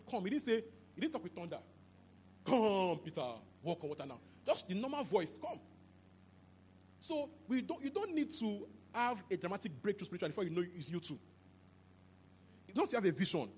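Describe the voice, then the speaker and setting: A man preaching a sermon into a handheld mic, animated and repetitive, often asking if the listeners understand. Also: high voice, slight background noise. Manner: animated, repeats phrases, asks "you understand?". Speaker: pastor.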